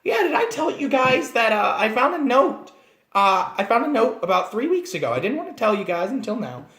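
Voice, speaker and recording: A man voicing an annoying, high-voiced gnome adventurer who chatters on and sulks. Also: sing-song, brisk, a bit bright, exaggerated voice. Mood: chatty. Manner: chirpy, oversharing, petulant. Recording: roomy echo.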